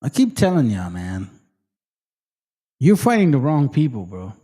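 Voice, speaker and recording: A channel host rants heatedly to his viewers, swearing often and mixing in Spanish slang. His medium-pitched, warm voice swings widely in pitch while keeping a measured pace.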